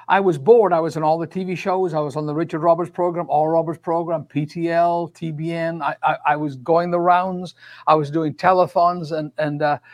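A man's voice: a little high, a bit bright. A man in his sixties, a minister and author, telling his story with animation and acting out the dialogue. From Scotland. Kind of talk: storytelling testimony. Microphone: studio microphone.

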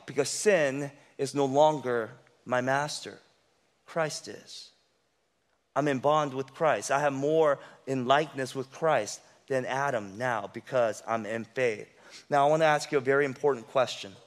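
A man's voice: mid-range voice, big-room sound. A man preaching a sermon as pastor, conversational and humorous, acting out inner voices.

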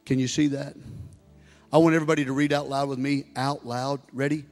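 A man in his sixties, a pastor preaching a sermon and building to loud exhortation. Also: mid-range voice, level tone, fairly quick. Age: 60s. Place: church sanctuary. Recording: long reverb of a large hall with music.

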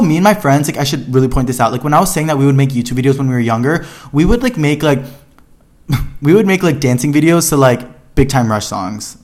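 A man's voice: mid-range voice, darkish tone. A young man hosting his own podcast, telling a personal story in a casual, chatty way, full of fillers and dramatic retellings. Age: young adult. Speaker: podcast host.

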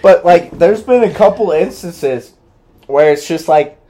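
A young man in casual podcast chat, speaking in a halting, low-key way full of fillers. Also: animated, warm tone. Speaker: podcast co-host.

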